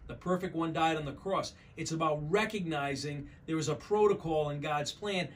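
A man's voice: on the high side, brisk, hardly any pauses, a bit bright, slight background noise. A man preaching a sermon as pastor, emphatic and repeating his key phrases, often calling his listeners folks.

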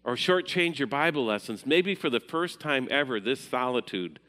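Measured pastor in a reverberant hall. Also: male voice, medium pitch, expressive. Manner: measured, dropping to a hushed voice at times. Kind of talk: sermon.

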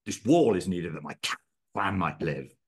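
A man's voice: low-pitched, expressive, measured pace, husky, exaggerated voice. A man reading aloud, voicing a stern, ruthless chieftain king who gives cold commands in a spoken story. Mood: commanding.

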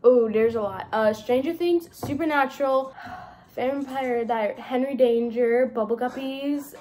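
A young woman chatting on a family vlog in a high, unhurried voice. She is goofy and playful, breaking into loud bursts. A faint hiss sits under the recording. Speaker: vlogger answering interview questions. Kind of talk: playful casual chat.

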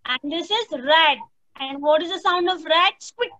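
A woman's voice: high voice, normal speed, bright, forceful tone, a little hiss or hum, poor audio. A woman, teaching young children an online lesson, patiently repeating prompts and imitating animal sounds. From India. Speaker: primary school teacher.

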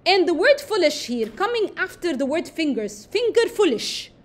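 A woman teaching a lesson that analyzes a poem, explaining step by step, repeating key phrases and pausing on fillers. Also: very high voice, big pitch swings.

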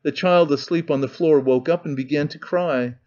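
A man reading an audiobook in measured, deliberate narration. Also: on the high side, a little mellow. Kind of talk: scripted narration. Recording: dull lo-fi recording.

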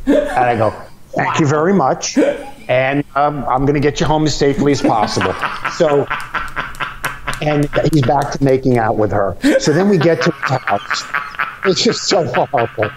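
A male comedian telling a long anecdote from home, lively and acting out the other people's voices. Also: medium pitch, moderate pace, very noisy. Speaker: comedian guest. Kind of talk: animated storytelling.

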